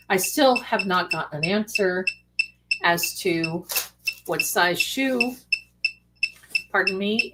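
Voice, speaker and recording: A woman hosting a casual livestream, chatting excitedly as she eats and comments. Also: medium pitch, very noisy. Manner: excited, chatty, talks with mouth full. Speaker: livestream host. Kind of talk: casual live commentary while eating. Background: dish and cutlery clatter.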